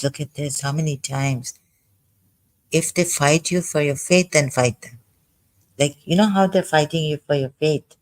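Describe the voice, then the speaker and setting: A man reads scripture aloud and comments on each verse in a slow, deliberate voice. He halts and restarts often, sounding agitated as he thinks aloud. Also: fairly high pitch, poor audio. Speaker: ex-Muslim commentator.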